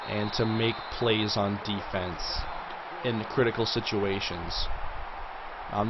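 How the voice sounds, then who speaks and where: A man hosting a livestream, talking casually through a game and reacting loudly whenever a big play lands. His voice sits at an ordinary middle pitch. The audio is a bit dull and lo-fi, with a faint hiss underneath. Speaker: livestream host. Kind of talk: live gameplay commentary.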